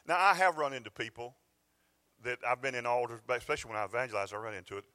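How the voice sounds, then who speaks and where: A man's voice: medium pitch, racing, bright, forceful tone. A middle-aged man preaching a sermon in a church, folksy and conversational with bursts of emphasis. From Georgia, US. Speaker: pastor. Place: church sanctuary.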